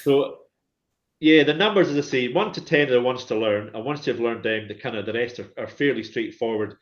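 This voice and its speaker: A man leads a calm one-to-one language lesson, voice at an ordinary middle pitch. He is patient and encouraging as he drills words with his learner. The sound is dull and lo-fi. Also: fairly quick. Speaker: Gaelic language teacher.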